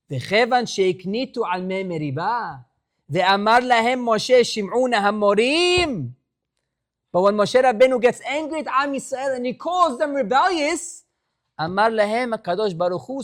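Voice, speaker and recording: Guy rabbi giving a torah class, gets really fired up then goes quiet and pleading. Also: extremely high pitch. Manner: impassioned, pleading, rising to exhortation; mixes Hebrew phrases into English.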